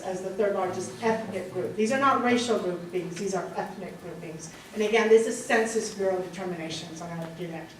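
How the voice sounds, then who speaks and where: A woman giving a history lecture to a class, lively, often quizzing the students and laughing. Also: mid-range voice, noisy background. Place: lecture room. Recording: echoey room from a distance.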